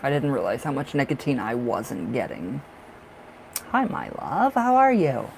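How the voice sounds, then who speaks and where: Gushing over his audience's love lives and calling them darling, a talkative man does live tarot readings in a casual stream. His mid-range voice swings widely in pitch, unhurried and creaky. A faint room hum runs under the low-quality recording.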